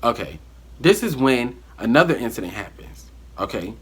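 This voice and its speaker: A man telling a casual storytime on his vlog, animated and acting out the quotes. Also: mid-range voice, moderate pace, slightly rough. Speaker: vlogger.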